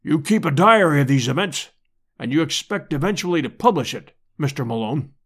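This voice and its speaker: A man voicing a pompous elderly professor who speaks formally and loudly. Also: on the high side, sing-song, normal speed, heavily acted.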